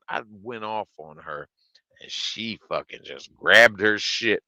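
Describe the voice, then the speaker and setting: A man streamer telling a story in a casual, profane, blunt and animated way. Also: on the low side, slow pace, creaky, dry recording.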